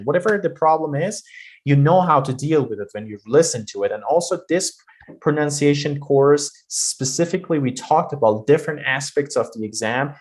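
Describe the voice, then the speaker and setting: A man's voice: on the high side, moderate pace. A man teaching a pronunciation lesson, explaining patiently and repeating key points with fillers and restarts.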